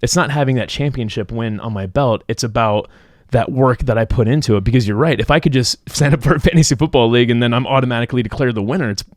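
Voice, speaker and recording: A man's voice: mid-range voice, fast talker, no echo, clean studio sound. A man hosting a podcast, chatting casually and reflecting on his own experience with many fillers. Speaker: podcast host. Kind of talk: casual conversation.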